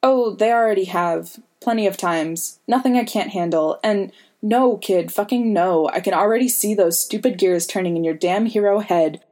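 A woman's voice: mid-range voice, moderate pace, hardly any pauses, darkish tone, lightly acted. A woman voicing a wisecracking, protective grown man who teases and sometimes growls. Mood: earnest. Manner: wry, teasing, gruff at times.

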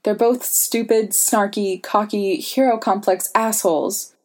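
A woman's voice: mid-range voice, fairly even intonation, a little slow, a little mellow, natural voice. A woman voicing a bitter, snarky young woman locked in a prison cell. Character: cocky snarky young man, sarcastic prisoner.

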